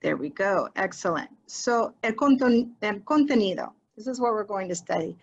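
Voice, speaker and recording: A woman's voice: medium pitch, lively intonation, normal speed, creaky, husky, highs cut off. Chatty woman teacher on a video call. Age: adult with a child. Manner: chatty, encouraging, switches between English and Spanish phrases. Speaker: teacher leading a training for educators. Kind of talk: online teacher workshop. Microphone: computer mic on a video call.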